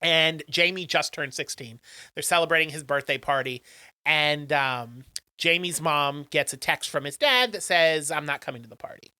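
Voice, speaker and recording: Podcast co-host, male, bright chatty storyteller, dry close mic. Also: a little high, no room sound. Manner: chatty storyteller, acts out quotes in funny voices. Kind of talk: casual chat recapping a film.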